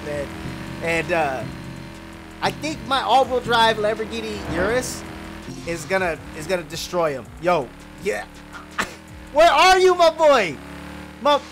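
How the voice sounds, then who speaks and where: A young man hosts a casual gaming video, hyped and full of slang as he talks to his viewers and a friend. His pitch swings a lot while he talks. Faint background music plays underneath. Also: a bit bright.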